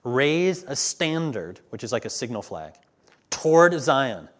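A man's voice: mid-range voice, big pitch swings. Man preaching and reading scripture aloud. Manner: reads scripture slowly and emphatically, then talks plainly to the congregation.

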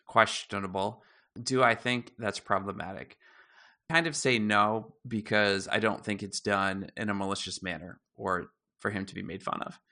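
A man's voice: on the low side, normal speed. A man co-hosting a podcast, chatting casually and telling stories with easy laughs. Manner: relaxed storytelling, laughs easily. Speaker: podcast co-host. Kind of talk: casual chat.

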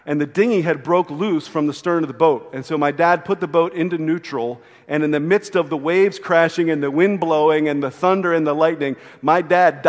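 A male pastor giving a sermon, telling a story with animated delivery and frequent rhetorical questions. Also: on the high side. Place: church sanctuary. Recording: long hall reverb.

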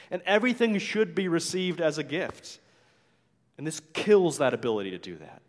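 A man's voice: fairly high pitch, lively intonation, brisk, big-room sound. A man preaching a sermon as a pastor, talking in a conversational way with frequent "right?" asides and acting out the complaints he quotes.

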